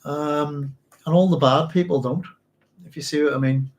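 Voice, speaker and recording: A tired middle-aged man from Northern Ireland with a mixed Northern Irish and English accent, speaking to an audience in a halting, reflective way with many restarts as he talks about his late father. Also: a little high, steady tone. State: physically tired. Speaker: podcast host. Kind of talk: emotional personal storytelling to a live audience.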